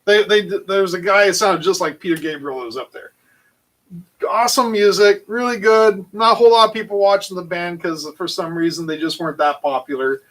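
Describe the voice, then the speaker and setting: Man, high voice, casual storyteller, animated, rambling, lots of fillers. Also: fairly quick, low-quality recording. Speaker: channel host.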